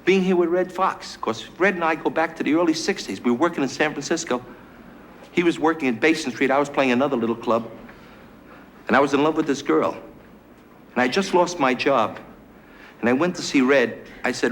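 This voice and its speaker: A man's voice: medium pitch, fast, a little hiss or hum. A middle-aged male stand-up comedian telling jokes on a TV studio stage with brash, wisecracking punchline delivery. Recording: 1970s live TV broadcast with a roaring audience. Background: audience laughter.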